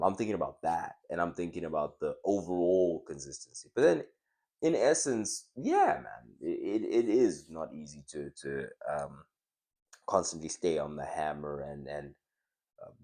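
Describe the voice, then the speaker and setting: A man with an extremely low voice talks straight to his viewers in an unscripted motivational vlog. He thinks aloud, often stopping to restart his sentences and reaching for fillers before he finds his point. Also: a little mellow. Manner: reflective, halting, many restarts and fillers. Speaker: video host. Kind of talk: casual motivational talk to camera.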